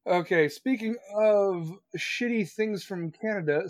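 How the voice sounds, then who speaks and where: A man's voice: a little high, animated, normal speed, no echo. A man hosting a live stream, talking in a rambling, crude and sarcastic way and reading viewer comments aloud. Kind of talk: casual profane rant.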